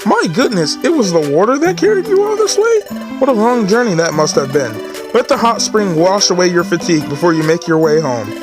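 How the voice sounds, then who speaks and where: A man voicing a kindly old male creature who minds a hot spring, with a gentle, grandfatherly manner. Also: high voice, very animated, a little fast, music in the background, pitched above the performer's own voice.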